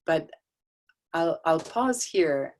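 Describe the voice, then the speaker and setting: Low-voiced woman telling parenting stories. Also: lively intonation, extremely slow, darkish tone. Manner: conversational storytelling, laughs often, restarts. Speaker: guest speaker on child development. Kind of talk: casual talk on a video call. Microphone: video call microphone.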